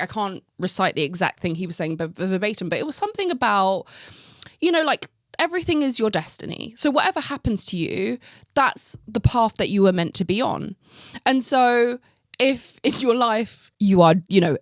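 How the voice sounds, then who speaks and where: A woman hosting a podcast, telling a story in a casual, animated way, full of "like" and acted-out reactions, with some casual swearing. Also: mid-range voice, no echo, studio quality. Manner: animated, heavy use of "like", acts out her own reactions. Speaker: podcast host.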